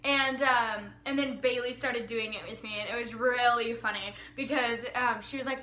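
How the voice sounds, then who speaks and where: High-pitched excitable teen girl vlogger. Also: fairly quick, few pauses, reverberant. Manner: excitable, gushing, lots of likes and ums. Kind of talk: casual storytelling vlog.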